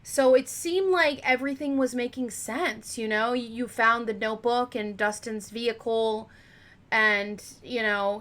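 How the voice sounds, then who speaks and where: A woman's voice: a little high, fairly bright tone. A woman hosting a true crime channel, telling a case in a casual, rambling way with lots of fillers and asides, her voice a little cracking. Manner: chatty and rambling, with many fillers. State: slightly cracking voice.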